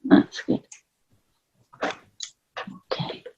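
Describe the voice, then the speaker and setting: A woman, working as a spirit artist, talking gently and chattily through a live drawing reading and laughing often. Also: drawn-out words, no echo, muffled recording. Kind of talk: live psychic drawing session.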